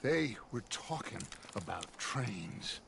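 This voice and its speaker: A man's voice: on the low side, very animated, slow pace, vocal fry, heavily acted. A man voicing a commanding, theatrical middle-aged outlaw gang leader in a western video game. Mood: determined. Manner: forceful, theatrical orator. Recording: game audio with horses and wind.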